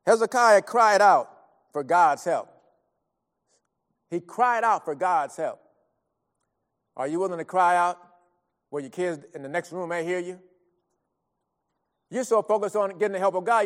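Man, preacher, high voice, pleading sermon, reverberant hall. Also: moderate pace, long pauses. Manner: earnest, pleading, swings between soft and loud.

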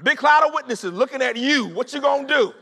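A male preacher with a very high, bright, forceful voice gives a lively, conversational sermon, speaking straight to the congregation, calling out to them and driving points home through repetition. He talks fairly quickly with some vocal fry, and his voice rings with the long reverb of a large church sanctuary.

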